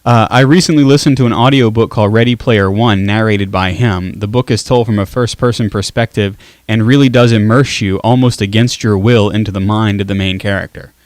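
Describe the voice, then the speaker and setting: A man's voice: fairly low pitch, a little fast, hardly any pauses, no echo. A man hosting a casual talk show, chatty and laughing easily as he reads listener comments. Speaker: show host. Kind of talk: casual chat.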